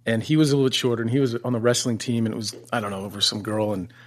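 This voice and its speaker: Guest, male, mid-pitched, unhurried, halting restarts, quick to laugh. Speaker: podcast guest. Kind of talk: casual chat.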